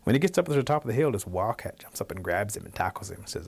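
Male storyteller, lowish pitch, lively, chuckling, oral folk tale. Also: racing, creaky, few pauses, breathy edge.

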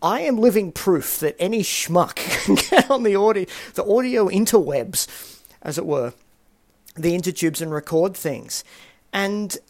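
A man's voice: high voice, lively intonation, measured pace, darkish tone. A man hosting a casual solo podcast, talking in a chatty, self-deprecating way full of rambling asides. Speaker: podcast host.

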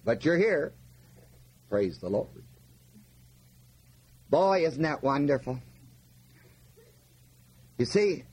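A man's voice: high voice, husky. A man preaching a folksy Bible-teaching sermon, often asking his listeners questions and leaning hard on key words. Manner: folksy, asks the audience questions, stresses words.

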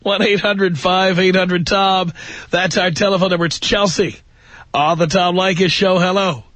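A middle-aged man hosting a call-in radio show, blunt and sarcastic, quick to argue with callers. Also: high-pitched, fairly even intonation, fairly bright tone, no echo. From New York area. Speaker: radio talk show host. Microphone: studio mic.

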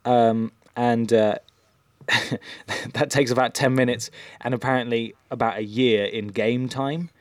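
A man's voice: mid-range voice, steady tone, measured pace, darkish tone, no echo. A man co-hosting a podcast in casual chat, rambling and hesitant with lots of um and uh. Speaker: podcast co-host.

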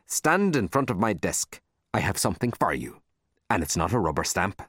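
A man puts on a stern older librarian woman, fierce but kind underneath. She talks in clipped, commanding orders in a low voice, his pitch swinging wide, and the sound is dry and close. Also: sing-song, normal speed, a bit bright, slightly rough, dry recording, exaggerated voice.

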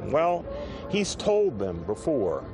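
A man explaining in a documentary interview, thoughtful, listing points with small pauses. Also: fairly high pitch, wildly swooping pitch, a crowd in the background. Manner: thoughtful, lists points with fillers. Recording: documentary clip with music under it.

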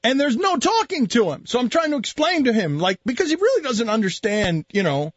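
Radio host, man, high lively voice, dry muffled studio sound. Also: no echo. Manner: animated, laughs often, quick rhetorical questions. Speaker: radio sports show host. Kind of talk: casual sports talk radio banter. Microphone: studio microphone. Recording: dull, band-limited radio studio audio.

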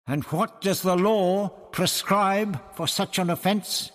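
A man's voice: high voice, slow, fairly bright tone, long reverb tail, pitched above the performer's own voice. A man voicing a resolute woman who speaks firmly and commandingly, in an audiobook reading. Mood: defiant. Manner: firm, commanding. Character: fierce resolute woman history teacher.

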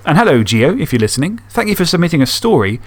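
A man's voice: a little high, big pitch swings, fast. A man hosting a podcast, reading fan stories and chatting enthusiastically, swearing casually. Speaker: podcast host.

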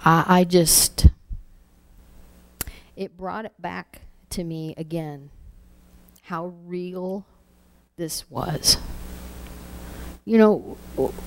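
Very slow, halting woman giving testimony. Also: fairly low pitch, a little hiss or hum. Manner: halting, emotional, with repeated words and hushed moments. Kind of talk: emotional spoken testimony.

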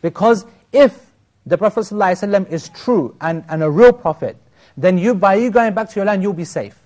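A man voicing a calm, resolute young warrior in a retold story. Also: high voice, fast talker. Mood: firm.

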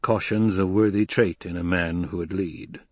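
A man's voice: low voice, fairly even intonation, moderate pace, dry recording. A man voicing a stern, commanding desert tribal leader in a storybook reading. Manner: curt, commanding.

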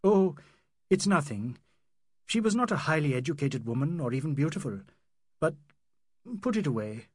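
A man's voice: fairly high pitch, lively intonation, moderate pace, pauses often, darkish tone, husky, no echo, clean studio sound. A man voicing a heated, proud young Indian doctor. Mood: earnest. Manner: sardonic, then earnest and pleading.

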